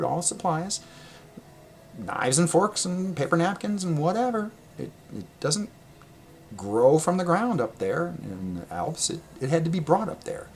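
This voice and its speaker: A man casually telling a personal travel story, rambling and correcting himself, laughing often and getting animated when he quotes people. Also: on the high side, slight background noise. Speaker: vlogger.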